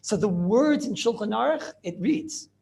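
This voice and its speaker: A middle-aged rabbi giving an informal yeshiva class. He is animated and rhetorical, keeps asking "right?", and mixes Hebrew and Yiddish terms into his talk. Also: high voice, moderate pace, creaky. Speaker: rabbi teaching a halacha class.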